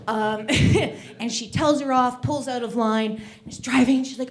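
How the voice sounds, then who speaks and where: A woman performing a stand-up comedy set on a club stage, telling animated stories about kids. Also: on the high side, fairly quick. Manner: animated storytelling, acts out kids' voices.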